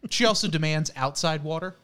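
A man co-hosting a casual podcast, telling stories in an animated way and acting out the lines. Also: on the high side, a little fast, smooth. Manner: animated storyteller, acts out voices. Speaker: podcast co-host. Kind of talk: casual chat.

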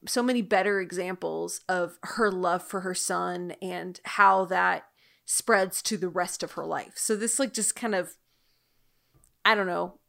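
A woman's voice: mid-range voice, vocal fry, fairly bright tone. A young adult woman co-hosting a podcast, reflecting on a TV show in a thoughtful, hedging way. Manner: thoughtful, hedging, many fillers. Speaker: podcast co-host. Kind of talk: casual TV recap chat.

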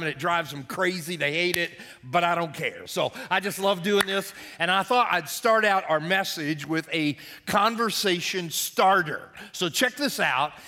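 A man's voice: high voice, pushed and bright. A male pastor giving a sermon in a folksy, chatty way, joking with the congregation. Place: church service.

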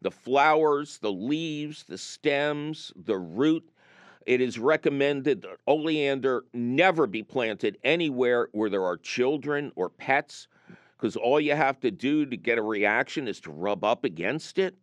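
A man's voice: medium pitch, unhurried, dry recording. A man hosting a call-in gardening radio show from a studio, chatting casually and telling jokey stories. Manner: jokey, animated storyteller. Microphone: studio microphone.

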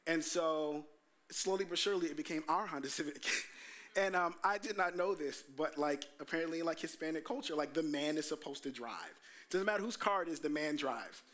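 A man's voice: on the high side, a little fast. A young adult man, preaching a sermon as pastor, telling stories animatedly and acting out quotes. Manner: animated storytelling, quoting himself in voices.

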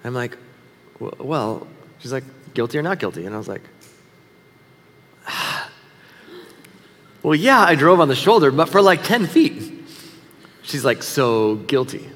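Storytelling pastor in a reverberant hall. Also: male voice, on the high side, very animated, slow, long pauses, a bit bright. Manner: storytelling, conversational and self-deprecating. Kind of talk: sermon.

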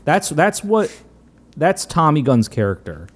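A man's voice: a little high, big pitch swings, a little slow. A man co-hosting a casual podcast, recapping movie scenes with frequent laughs and fillers. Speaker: podcast co-host.

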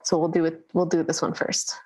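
A woman co-hosting a podcast in casual chat, talking in an animated, chatty way with frequent fillers. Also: deep voice, fairly quick, husky. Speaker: podcast co-host.

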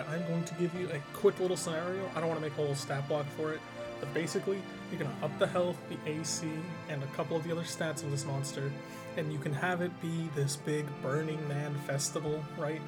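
Chatty man with music underneath. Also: fairly high pitch. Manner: relaxed, chatty, frequent fillers like "like" and "uh". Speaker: podcast host presenting a tabletop monster. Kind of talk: casual explanatory talk about game design. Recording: music bed behind the voice.

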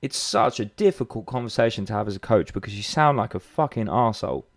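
A man's voice: fairly low pitch, expressive, fast talker. A man with a British accent, a fitness coach giving a blunt, sweary, rambling motivational talk. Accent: British English. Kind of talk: motivational monologue.

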